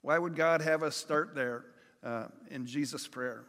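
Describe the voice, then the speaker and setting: A man's voice: fairly high pitch, measured pace, a bit bright. A man preaching a conversational sermon, with everyday examples and acted-out pleas. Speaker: pastor. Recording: long hall reverb.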